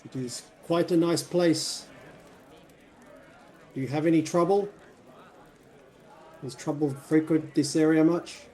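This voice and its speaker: A man speaks in character at a tabletop role-playing game, courteous and a bit formal. His voice sits slightly higher than typical for a man. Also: fairly even intonation, slow pace, pauses often, a little mellow. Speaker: player.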